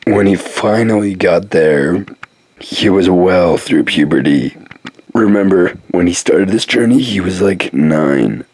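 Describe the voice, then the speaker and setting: A man putting on a deep old-man voice to tell an improvised, rambling comic story full of jokes and asides. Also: lively intonation, a little slow, a little mellow, slightly rough, no echo.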